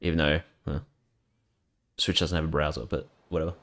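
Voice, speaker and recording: A man with a low, deep voice giving casual commentary while he plays a game. He rambles and chats, now and then swearing, with faint noise in the background. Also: level tone, fairly quick, a bit bright. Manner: rambling, chatty, casually profane. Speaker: streamer.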